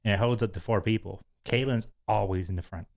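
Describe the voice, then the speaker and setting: A man with a fairly low voice tells a long, rambling story on a casual podcast. He fills his talk with likes and ums and breaks into giggles often. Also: a little fast, creaky. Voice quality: giggly, rambling with many fillers. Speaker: podcast host.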